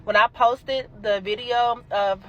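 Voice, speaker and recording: A young adult woman telling a casual storytime, animated and emphatic, swearing freely. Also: a little high, takes it slowly, muffled recording.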